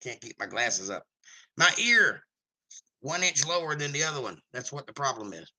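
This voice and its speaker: Bright-voiced joking stream host. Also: male voice, a little high, big pitch swings, normal speed, pauses often, rough recording. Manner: jokey, rambling. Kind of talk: casual live-stream chat reading comments.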